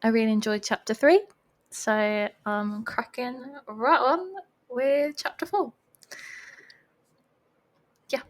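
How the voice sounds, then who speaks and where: A woman's voice: fairly high pitch, slow pace, long pauses. A young woman reading a novel aloud at home, breaking off with chatty, giggly comments. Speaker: reader of a novel. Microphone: home voice recording.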